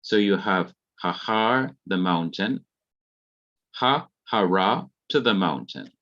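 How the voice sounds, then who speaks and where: A man's voice: low-pitched, takes it slowly, a bit bright, muffled recording. A man with a Jamaican accent, carefully explaining grammar rules in an online revision lesson. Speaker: Hebrew teacher.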